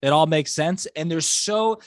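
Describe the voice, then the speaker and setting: A man's voice: on the high side, no room sound, clean studio sound. A man co-hosting a casual wrestling talk show, arguing his points with enthusiasm and a lot of "like". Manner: enthusiastic, fast-building arguments with many likes. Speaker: podcast co-host.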